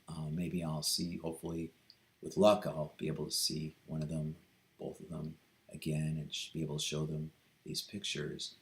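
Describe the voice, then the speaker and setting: A man talking through a reflective personal vlog, hesitant and earnest, with many pauses, ums and restarts. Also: low-pitched. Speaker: vlogger.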